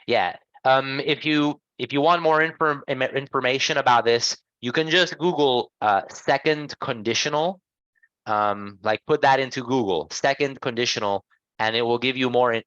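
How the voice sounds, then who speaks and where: A man's voice: medium pitch, a bit bright, dry recording, lo-fi sound. A man teaching an online English class, patient and encouraging, repeating and rephrasing answers for his students.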